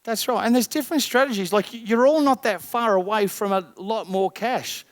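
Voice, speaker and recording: A man's voice: high-pitched, moderate pace, no room sound, studio quality. A man coaching a group of business owners, blunt and swearing, firing rhetorical questions. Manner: energetic, rising loud at the end.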